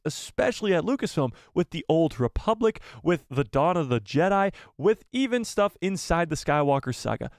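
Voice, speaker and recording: A young man hosting a casual live stream, excitable and joking as he talks straight to his chat. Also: fairly high pitch, no echo, clean studio sound.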